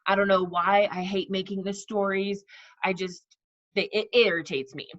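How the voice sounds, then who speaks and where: Casting note: woman leading a sales team, chatty coaching, middle pitch, slightly dull lo-fi sound. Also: steady tone, normal speed, a bit bright. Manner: chatty, repeats herself, acts out sample messages. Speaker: network marketing team leader. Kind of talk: casual coaching talk to her team.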